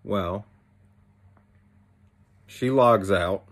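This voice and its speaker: Young man, casual spoken recap, rambling, filler-heavy, fairly low pitch. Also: very slow, a bit bright. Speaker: anime episode recapper.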